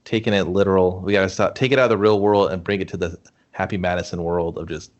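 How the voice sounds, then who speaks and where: A man's voice: sits low, fairly even intonation, quick pace, lo-fi sound. A man co-hosting a casual movie review podcast, talking in a laid-back, slangy way. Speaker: podcast co-host.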